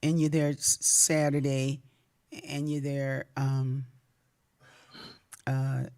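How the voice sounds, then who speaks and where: Warm in tone but flat in delivery, this woman's bass voice carries her livestream, where she sings spiritual songs and then shares reflective stories. She talks casually and slowly, drawing out her phrases, as instrumental music plays.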